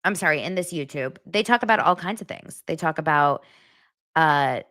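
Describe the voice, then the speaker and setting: Chatty low-voiced woman dishing gossip. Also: lively intonation, normal speed, a bit bright. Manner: chatty, dramatic, rambling with fillers. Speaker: gossip show host. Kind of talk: casual celebrity gossip commentary.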